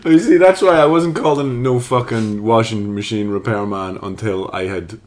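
A man's voice: on the low side, normal speed. A young Irish man chatting casually on a podcast, swearing freely and throwing in mock-dramatic asides. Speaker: podcast co-host, stage actor. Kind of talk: casual chat.

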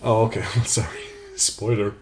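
A man's voice: fairly low pitch, fairly even intonation, normal speed, background noise. A man in casual podcast chat, rambling, swearing and laughing often.

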